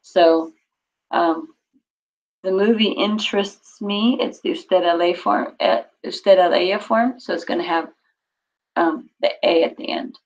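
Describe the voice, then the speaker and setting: A woman's voice: on the low side, measured pace, a little mellow. A woman teaching Spanish to a class over a video call, explaining patiently and encouraging students. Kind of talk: online class instruction. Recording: dull lo-fi call audio.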